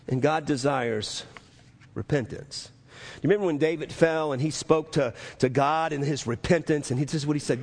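A man preaching a sermon as pastor, swinging between high, emphatic lines and low, quiet asides, with restarts and fillers. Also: normal speed, husky. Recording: long hall reverb.

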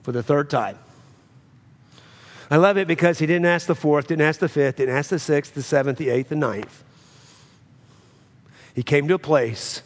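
A man preaching a sermon, swinging between loud, high climaxes and low, quiet drops, repeating phrases for emphasis. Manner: preaching with sudden rises and drops in pitch and loudness, repeating phrases. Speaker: pastor.

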